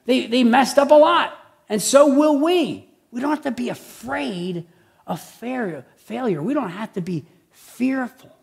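A man preaching a sermon as pastor, conversational, with many tag questions and frequent throat clearing. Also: high-pitched. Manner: clears his throat often.

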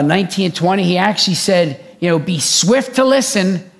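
A man preaching a sermon, talking fast and animated as he reads and explains scripture. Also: high voice, vocal fry.

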